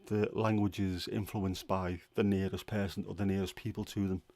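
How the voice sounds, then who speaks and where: A man from England hosting a casual livestream chat, answering viewers' questions in a relaxed, chatty way. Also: sits low, normal speed. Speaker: livestream host.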